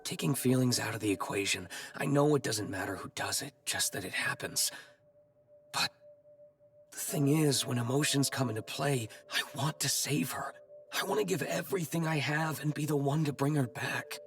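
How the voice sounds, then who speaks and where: Guy doing earnest young anime hero, mid pitch, a little music behind. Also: moderate pace, fairly bright tone, close to an everyday voice. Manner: earnest, determined. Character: earnest young man vowing to save a loved one.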